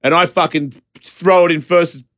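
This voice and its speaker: Animated man telling a wild story. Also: on the high side, moderate pace, dry recording, clean studio sound. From Australia. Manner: animated, profane, laughing storyteller. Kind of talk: casual storytelling chat.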